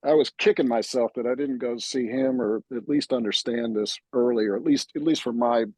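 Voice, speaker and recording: A man's voice: medium pitch, moderate pace, a little mellow, dry recording, poor audio. A male drummer recalling old lessons in casual chat, rambling with lots of fillers and restarts. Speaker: drummer and host.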